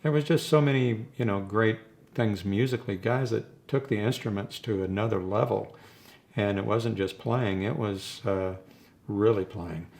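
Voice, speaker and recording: Older male rock drummer, gravelly voice, rambling and reminiscing in an interview. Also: on the low side, moderate pace, a little mellow. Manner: rambling, reminiscing, chuckles between stories. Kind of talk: casual interview storytelling.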